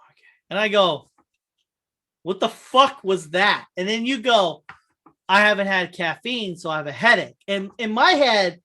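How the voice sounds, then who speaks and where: A young man, a podcast co-host, teasing and swearing in lively casual chat. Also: sits high. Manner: animated, teasing, profane.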